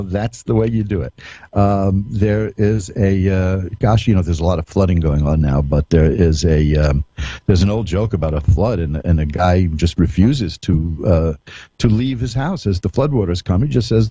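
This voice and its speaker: A man's voice: sits low, normal speed, mellow, slightly rough, no room sound, dull audio. A man hosting a psychic radio show, telling folksy stories in a rambling way with chuckles and restarts. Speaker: psychic radio host and tarot reader. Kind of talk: radio monologue, anecdotal.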